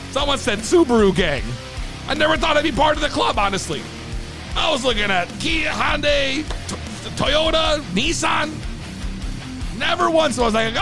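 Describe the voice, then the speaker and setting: Profane ranting man, high and gravelly. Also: very animated, moderate pace, music in the background. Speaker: vlogger. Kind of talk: casual ranting storytime.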